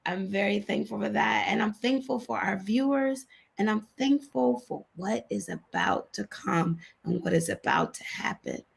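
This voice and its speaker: Woman co-host, gravelly, emotional and sincere, casual chat over a video call. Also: mid-range voice, sing-song, normal speed. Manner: emotional, sincere, repeats herself. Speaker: co-host of a women's online talk show.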